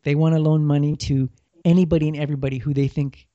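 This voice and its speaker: A man's voice: a little high, flat delivery, fast, mellow, no echo. A man giving plainspoken money advice in casual talk, often repeating words as he thinks. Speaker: financial guest. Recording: dull lo-fi sound.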